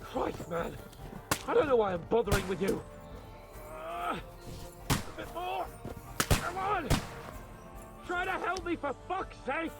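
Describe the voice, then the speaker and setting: A man voicing a hot-headed, foul-mouthed young nobleman in a video game, shouting orders in battle. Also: very high voice, expressive, takes it slowly, gravelly, long pauses, loud music behind the voice, exaggerated voice. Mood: frantic. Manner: shouting, swearing. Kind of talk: video game cutscene and combat acting.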